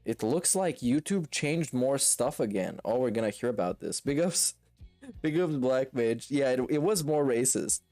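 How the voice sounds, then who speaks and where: A man's voice: mid-range voice, animated, normal speed, warm tone, no room sound, faint music behind. A man hosting a stream, reacting to clips with sarcastic, mocking commentary. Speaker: stream host.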